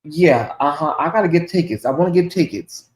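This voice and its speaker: A man hosting his own livestream, chatting casually and reacting out loud to messages from viewers. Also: fairly high pitch, fairly quick, echoey room, poor audio. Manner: chatty, animated, reacts aloud to comments. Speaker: channel host.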